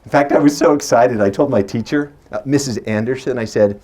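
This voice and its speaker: A man's voice: mid-range voice, brisk, few pauses, a little mellow. A man in his forties performing as a magician. He uses a stage microphone and mixes playful stories with teasing banter with his audience. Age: 40s. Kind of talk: live stage patter with storytelling.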